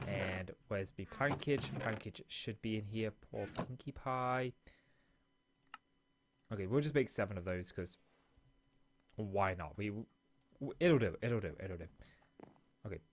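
Chatty man with a low voice. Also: a little hiss or hum. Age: adult, father of a school-age daughter. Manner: rambling, chatty, self-mocking asides. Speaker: let's play host. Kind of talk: casual gameplay commentary. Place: small home office.

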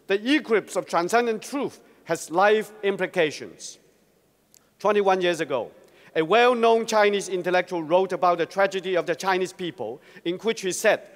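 A man giving a formal, prepared address to a Christian congress, speaking in a measured, earnest and rhetorical way. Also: high voice. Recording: long reverb of a large hall.

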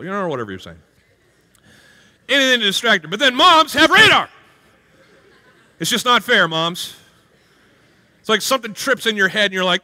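A middle-aged pastor delivers an energetic sermon, acting out little scenes in playful voices. His voice is bright and sharp and rides up and down. Long reverb from a church hall trails behind him. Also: on the high side, a little fast, pauses often. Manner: animated, jumps into playful character voices and exclamations. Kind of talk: energetic sermon with acted-out stories.

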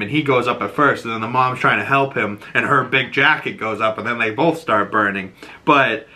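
A man's voice: mid-range voice, pushed and bright. A man with a Boston accent hosting a podcast, recapping a TV episode in rambling casual talk and acting out the characters' quotes. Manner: rambling, acts out quotes in shifting voices. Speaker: podcast host.

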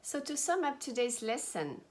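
A woman teaching a language lesson, saying each phrase slowly and repeating it for learners. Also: high-pitched, very animated. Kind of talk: slow, careful language lesson.

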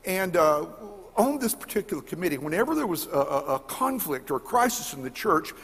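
A middle-aged man preaching a sermon, telling stories and repeating key words, swinging between emphatic high points and quiet low passages. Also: big pitch swings, fairly quick. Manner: rises to emphatic peaks, then drops low. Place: church sanctuary. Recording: long church reverb.

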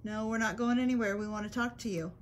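A woman paranormal investigator calmly and persistently asking questions of spirits during a ghost hunt. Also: fairly high pitch, fast, a little hiss or hum. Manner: calm, coaxing, persistent questions.

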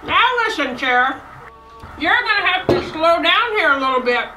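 An actress playing a rude, gum-chewing small-town store clerk who talks in a rough folksy drawl. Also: female voice, extremely high pitch, lively intonation, moderate pace, over music, rough recording. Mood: cranky. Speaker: small-town shopkeeper and radio dispatcher. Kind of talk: comedic film acting.

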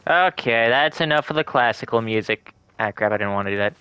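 A man chatting casually and swearing while playing a co-op game, jokey and excitable. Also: mid-range voice, a little fast, smooth, no room sound. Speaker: streamer playing co-op. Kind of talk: casual gaming chat.

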